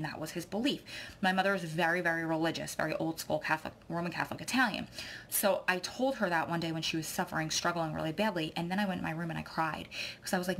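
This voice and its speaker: A woman's voice: lowish voice, fast, vocal fry, a bit bright, a little hiss or hum. Babbling emotional woman vlogger. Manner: babbling, tearful, effusive. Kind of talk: rambling emotional vlog chat.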